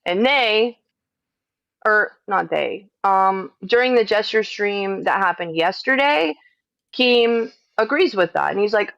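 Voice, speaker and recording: A woman's voice: medium pitch, expressive, slow, creaky, fairly bright tone, no room sound. A woman on a livestream, exasperated, swearing often and restarting her sentences as she answers accusations. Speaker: streamer responding to accusations. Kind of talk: livestream chat. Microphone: cheap microphone. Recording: dull lo-fi mic.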